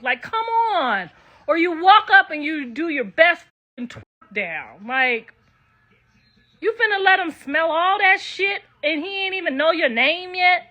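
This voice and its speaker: Older lady going off at her viewers, cussing a lot, high bright voice. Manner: profane, brash, talks straight to viewers. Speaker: online commentator. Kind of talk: casual rant to viewers.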